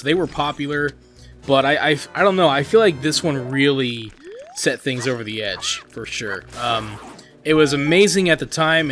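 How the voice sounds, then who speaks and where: Slightly high and a bit bright, this man's voice carries casual commentary as he plays for his gaming channel. He rambles earnestly with frequent "like" and "you know" fillers, and game music sounds faintly in the background.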